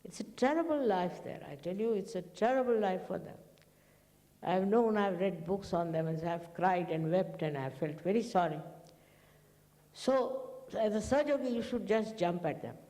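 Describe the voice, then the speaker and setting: Woman spiritual teacher, mellow tone, anecdotal talk to followers, big reverberant hall. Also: mid-range voice, normal speed. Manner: rambling, anecdotal, acts out quoted dialogue. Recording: long echo of a large hall.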